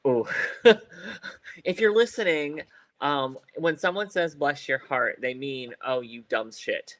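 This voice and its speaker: A man's voice: mid-range voice, a bit bright, no echo. A man co-hosting a podcast in casual chat. He rambles with many fillers and restarts, laughs often, and stutters now and then. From Ohio. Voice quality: occasional stutter. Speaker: podcast co-host.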